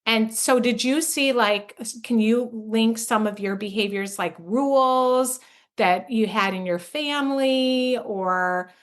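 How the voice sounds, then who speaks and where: Slow and fairly high-pitched, a middle-aged woman hosts a parenting podcast as a conversational interview. She's enthusiastic, affirms her guest often, and fills her speech with fillers and restarts.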